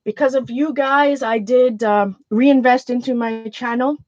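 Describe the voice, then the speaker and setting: A woman's voice: fairly high pitch, fairly even intonation, a little slow, a little mellow, no echo, highs cut off. A Canadian woman chatting casually on a livestream while making art, rambling and often restarting her sentences.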